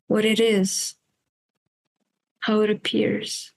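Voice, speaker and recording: A woman guest speaking quietly and thoughtfully in a reflective conversation. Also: mid-range voice, flat delivery, slow, creaky, rough recording.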